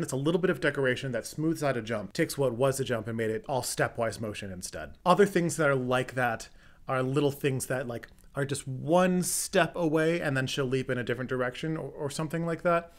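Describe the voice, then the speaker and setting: A young adult man hosting a music theory lesson, explaining step by step and now and then singing short examples. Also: mid-range voice. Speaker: music theory video host.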